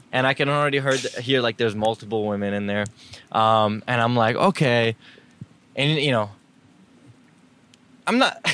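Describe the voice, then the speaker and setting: A young man from the Middle East, hosting a casual chat and telling a story with lots of laughter, acting out both sides of the conversations. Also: on the high side. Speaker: podcast host telling a story.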